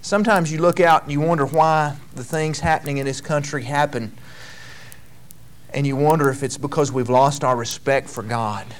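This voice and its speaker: A man preaching a sermon, reading scripture slowly and then telling homey stories with frequent asides. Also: fairly high pitch, fairly even intonation. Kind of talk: conversational sermon.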